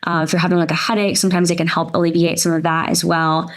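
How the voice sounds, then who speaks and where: A woman presenting a nutrition workshop, gently talking listeners through an exercise step by step with casual fillers. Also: on the low side, little pitch movement, fast. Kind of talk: guided exercise instruction.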